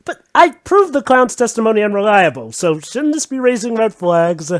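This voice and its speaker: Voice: medium pitch, very animated, normal speed. A let's-play host voicing the defense attorney, sarcastic and theatrical. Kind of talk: playful let's-play banter.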